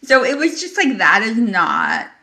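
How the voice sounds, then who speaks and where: Bright-voiced woman therapist. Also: on the high side, sing-song, unhurried, vocal fry. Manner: explanatory, mimics clients and friends. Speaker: podcast co-host, therapist. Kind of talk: casual conversational chat.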